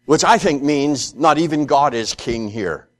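A man teaching through a scripture passage, acting out the characters' lines and often repeating words while thinking aloud. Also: measured pace. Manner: animated, acts out the characters' lines with rising pitch. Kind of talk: expository Bible teaching.

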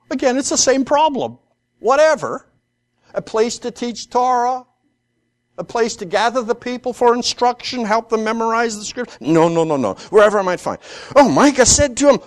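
A man teaching through a scripture passage, acting out the characters' lines and often repeating words while thinking aloud. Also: moderate pace. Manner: animated, acts out the characters' lines with rising pitch. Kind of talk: expository Bible teaching.

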